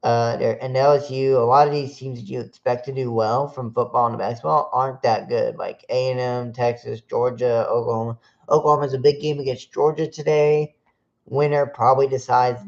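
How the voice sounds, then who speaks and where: A man's voice: mid-range voice, vocal fry, darkish tone. A man hosting a solo sports podcast stream, reading off team matchups with frequent fillers and restarts. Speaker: podcast host. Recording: dull lo-fi sound.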